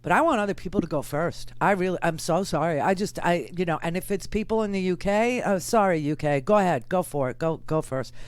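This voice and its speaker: A woman's voice: on the low side, brisk, few pauses. An older woman hosting a political talk show, chatty and candid, often exasperated. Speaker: radio talk show host.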